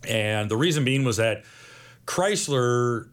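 Casting note: man, mid pitch, chatty guest who acts out the voices in his stories. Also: slow, clear, resonant tone. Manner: lively storyteller acting out quoted voices. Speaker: magazine publisher guest. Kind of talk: storytelling interview chat.

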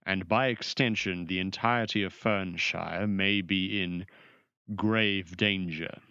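A haughty royal advisor speaks in stiff, formal phrases, as a man puts him on. The voice sits fairly low. The audio is dull and dry, with no room sound. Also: fairly even intonation, slow pace, bright, forceful tone, smooth, no room sound, heavily acted. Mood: grave. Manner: stiff, pompous, formal diction.

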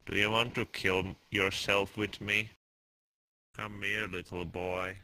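A man voices a creepy coaxing figure with a very deep, flat voice. He speaks slowly and insistently, with a dark timbre. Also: a little hiss or hum, heavily acted, low-quality recording. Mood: creepy calm. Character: creepy slow-talking man luring a boy.

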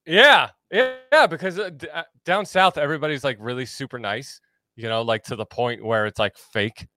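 A man's voice: mid-range voice, normal speed, pushed and bright. Laughing man. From New York. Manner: laughs often, tells stories. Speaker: podcast co-host. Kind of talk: casual chat.

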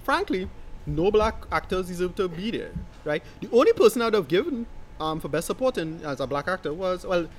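A man's voice: high voice, very animated, a little fast, slight background noise. A man in casual chat about films, blunt and emphatic, often talking over the other speaker.

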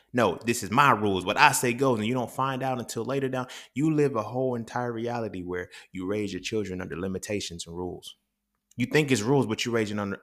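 A man's voice: low-pitched, a bit bright. A man, blunt and profane, talking through a solo podcast monologue. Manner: blunt, profane, preachy and emphatic. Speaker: podcast host.

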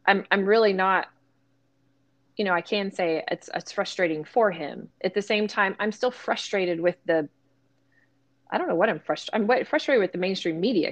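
A woman with a slightly low-pitched voice co-hosts a casual podcast. She thinks aloud as she goes, correcting herself and adding quick asides while she works through her view. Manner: thoughtful, self-searching, quick asides. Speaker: podcast co-host.

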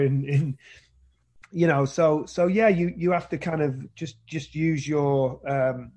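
A British actor, interviewed about his career, talks casually with many restarts and repeated words. His voice is on the high side and darkish, with fairly even intonation and a slow pace.

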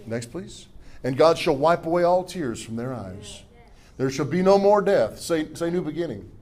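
With an animated voice on the high side, a middle-aged pastor preaches at a measured pace. He reads from scripture, leads the congregation in call-and-response, and alternates jokes with forceful declarations.

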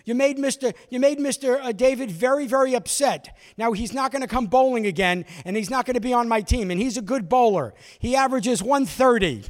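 A man's voice: very high-pitched, brisk, few pauses, in a large hall, voice pushed up. A man playing an exasperated older aunt who scolds and nags. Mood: scolding. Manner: nagging, scolding.

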